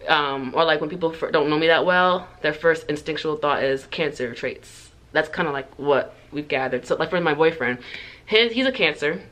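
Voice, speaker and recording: A woman's voice: low-pitched, normal speed, a bit bright. A woman chatting casually to her viewers, rambling through answers with lots of "like" and "um", often going off on tangents and laughing between sentences. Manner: rambling, full of "like" and "um", goes off on tangents. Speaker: hair vlogger. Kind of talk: casual get-to-know-me chat.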